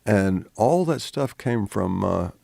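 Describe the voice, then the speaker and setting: Southern American man, deep gravelly voice, dry close sound, rambling storyteller. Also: animated, slow, a little mellow, no echo. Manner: meandering, anecdotal storyteller. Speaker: guest. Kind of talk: casual conversation.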